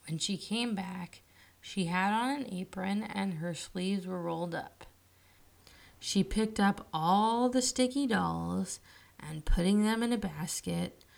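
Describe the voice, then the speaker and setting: A woman storyteller reading a children's story aloud in a slow, soothing way, dropping her voice at line ends. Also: lowish voice, vocal fry.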